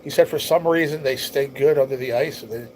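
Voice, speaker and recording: A man's voice: mid-range voice, brisk. A man chats loosely with his stream viewers, drifting from topic to topic and reading their comments aloud. His nose is stuffy and his voice sounds worn. A faint hiss of noise sits under the recording. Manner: rambling, easygoing, reads chat comments aloud. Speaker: livestream host. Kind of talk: casual livestream chat with viewers.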